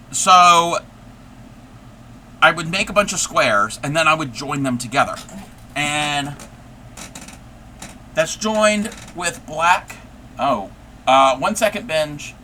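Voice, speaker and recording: Male stream host, casual crafting chat, slightly high, very bright tone, rambling and laugh-prone. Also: a little hiss or hum. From United States. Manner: rambling, chatty, laughs often. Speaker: livestream host. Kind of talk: casual livestream chat while crocheting.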